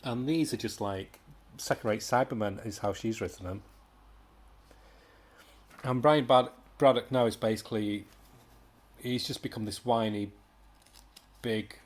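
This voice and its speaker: A man's voice: mid-range voice, darkish tone. A British man giving a casual, rambling comic book review, exasperated, with sighs and mocking impressions.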